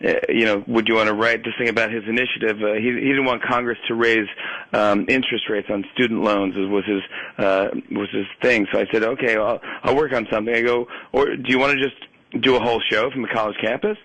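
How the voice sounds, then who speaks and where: A man, a comedian, telling stories in a casual phone interview, animated and laughing, with many quick restarts. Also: lowish voice, dry recording, rough recording. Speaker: guest comedian. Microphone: phone line.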